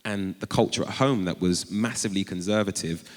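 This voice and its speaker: A man with a deep voice, originally from North London, appears as a guest author and tells stories to a live crowd in a big chapel. His delivery is animated, punctuated by sudden high-pitched exclamations when he quotes people, and the space lends a long echo.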